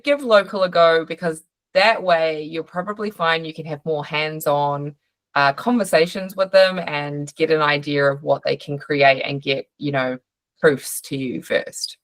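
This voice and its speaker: Brief: New Zealand woman, low voice, dry close sound, friendly art-business coach on a video call. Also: a bit bright, no echo. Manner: chatty, frequent fillers and restarts. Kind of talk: live online training Q&A.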